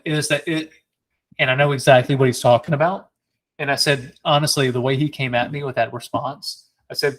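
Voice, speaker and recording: A man's voice: medium pitch, fairly even intonation, a little fast, low-quality recording. A man co-hosting a podcast, chatting casually with playful, teasing banter. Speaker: podcast co-host. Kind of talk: casual chat.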